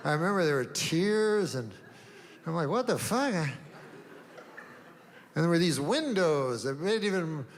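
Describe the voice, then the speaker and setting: A man doing a stand-up routine on a comedy stage, deadpan and rambling, with long setups. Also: a little high, a little slow, long pauses. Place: comedy stage before a live audience. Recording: long hall reverb, faint noise.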